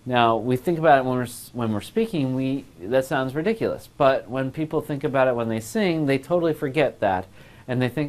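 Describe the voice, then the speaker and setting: A man's voice: medium pitch, moderate pace. A man teaching a voice class, explaining phrasing and breaking into short sung examples. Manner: explains clearly, sings short demonstration phrases. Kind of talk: recorded music lesson.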